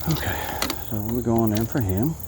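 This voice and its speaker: A man from Alabama, chatting to the camera from a kayak and talking excitedly to the fish he catches. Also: medium pitch, normal speed, background noise. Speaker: fishing vlogger. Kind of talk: casual talk to camera while fishing. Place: kayak on a creek outdoors.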